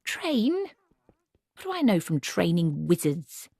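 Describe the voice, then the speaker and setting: A woman's voice: fairly low pitch, expressive, unhurried, warm tone, breathy edge, no echo, studio quality, exaggerated voice. Granny Weatherwax, a woman voicing a cranky old witch. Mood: indignant. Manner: indignant, clipped outbursts.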